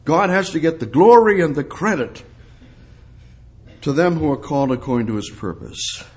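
A male preacher delivering a sermon, asking rhetorical questions and building up to emphatic, high-pitched peaks. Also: animated, moderate pace, a little mellow, husky.

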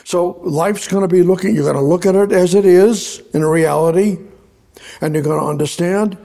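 Reading scripture aloud in a sermon or Bible study, a man speaks conversationally and tends to repeat his words. His voice sits high with a dark tone and vocal fry, moving at a moderate pace.

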